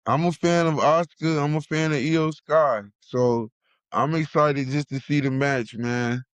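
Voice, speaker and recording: Energetic male co-host, slangy and playful, smooth voice, dry close sound. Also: on the high side, measured pace, no echo. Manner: hyped, slangy, playful shout-outs. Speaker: podcast co-host. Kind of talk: casual wrestling podcast chat.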